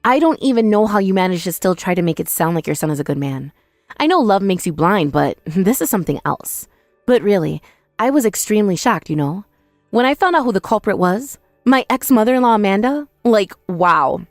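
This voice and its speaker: A woman's voice: medium pitch, animated, a little fast, no room sound, clean studio sound, soft background music. A young woman telling a first-person dramatized story in an indignant, accusing manner. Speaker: narrator and protagonist.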